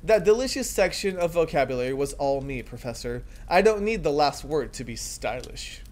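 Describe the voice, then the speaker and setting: A gamer voicing a smug, scheming male professor and inventor while reading a game's dialogue aloud, in a lowered, haughty and pompous delivery. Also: lively intonation, normal speed, darkish tone, lightly acted.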